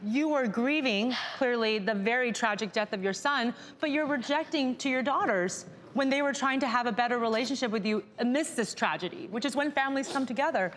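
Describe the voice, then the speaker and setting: A woman co-host on a talk show, asking a guest measured, probing questions. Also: fairly high pitch, a bit bright, long reverb tail.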